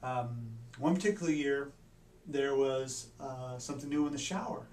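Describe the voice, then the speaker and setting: A man, a doctor, telling a personal story in an earnest, halting way, with many restarts. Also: medium pitch, darkish tone, slight background noise. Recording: echoey room, mic at a distance.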